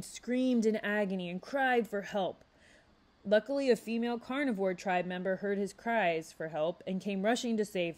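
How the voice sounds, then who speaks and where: A woman librarian reading a young adult novel aloud with measured, expressive storytelling. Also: mid-range voice. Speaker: youth services librarian.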